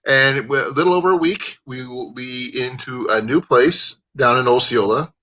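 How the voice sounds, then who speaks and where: A man hosts a casual livestream chat. His voice is bright and forward, and he rambles in an easygoing way, restarting sentences. The sound is a dull, lo-fi stream feed. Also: mid-range voice, moderate pace. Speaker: livestream host. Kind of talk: casual video-call chat. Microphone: livestream call audio. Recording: lo-fi livestream audio.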